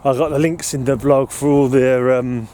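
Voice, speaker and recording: A man's voice: mid-range voice, steady tone, normal speed, mellow, a little hiss or hum. A man in a casual walking vlog, out of breath as he goes, talking in a rambling, sweary way and chuckling often. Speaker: podcast host. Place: outdoors in an urban park.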